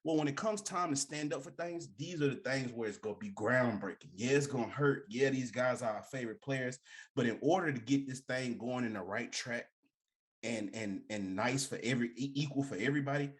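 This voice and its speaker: A young adult man co-hosting a casual sports talk show, emphatic and animated, with slangy delivery and big swings in pitch. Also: a little fast. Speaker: podcast co-host.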